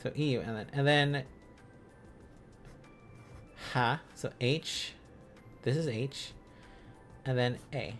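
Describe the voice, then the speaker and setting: Slow, halting man thinking aloud. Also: mid-range voice, faint music behind. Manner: thinking aloud, sounding out syllables, chuckling often. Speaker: streamer. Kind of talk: casual livestream, learning aloud.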